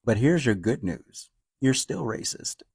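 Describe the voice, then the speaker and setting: A man giving sarcastic reaction commentary with deadpan, drawn-out retorts. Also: medium pitch, creaky, slightly rough, dry recording, studio quality.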